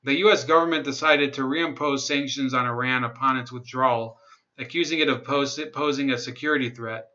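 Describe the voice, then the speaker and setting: A man's voice: medium pitch, fairly even intonation, a little fast, pushed and bright, lo-fi sound. Sarcastic man reading news on a livestream. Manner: sarcastic, laughs at own jokes, reads chat comments. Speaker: livestream host.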